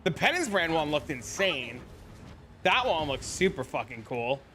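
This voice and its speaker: A man's voice: a little high, measured pace, a little hiss or hum. A man in his thirties streaming a video game, chatting casually with viewers and swearing freely. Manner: animated, profane, chatty with viewers. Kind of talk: casual gaming livestream chat.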